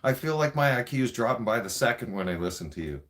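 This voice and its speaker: A man's voice: mid-range voice, expressive, quick pace, a bit bright. A Canadian man delivering an angry, profane political rant in a vlog. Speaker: vlogger.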